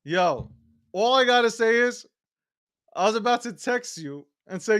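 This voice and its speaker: A man hosting a casual podcast, telling stories in an animated, profane, laughing way. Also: very high-pitched, unhurried, clean tone, no room sound, clean studio sound. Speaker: host.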